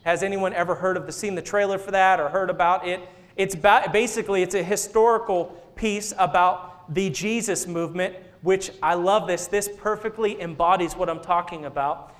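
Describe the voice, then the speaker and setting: In a church sanctuary, a senior associate pastor in his thirties preaches a sermon, telling a story and playfully joking and laughing with the congregation. His high voice holds a steady tone at a moderate pace with few pauses.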